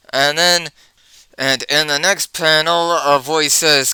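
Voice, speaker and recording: A man's voice: fairly high pitch, fairly even intonation, slow pace, pushed and bright, clear, resonant tone, dry recording, low-quality recording. A man casually reading a comic book aloud and reviewing it, with rambling asides.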